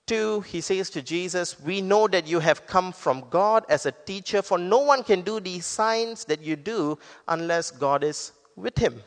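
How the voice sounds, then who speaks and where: A man's voice: a little high, big-room sound. A man preaching a sermon, earnestly explaining scripture and quoting verses to his congregation. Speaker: pastor.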